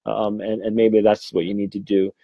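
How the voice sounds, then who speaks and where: Talking as a medium on a casual livestream, this man rambles earnestly, keeps restarting his sentences and swears occasionally. His voice is on the low side, level in tone and at normal speed, captured by a phone or webcam with lo-fi sound and no echo.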